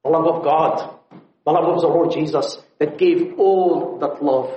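A man preaching a sermon at a conference, pleading and impassioned, swinging from loud appeals to hushed tones. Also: fairly high pitch, a little slow. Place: conference hall. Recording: echoey, dull lo-fi hall recording.

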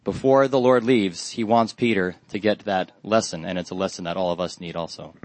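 A man preaching a Bible study sermon in a measured, earnest way, pausing often with fillers. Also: sits low, steady tone, slight background noise.

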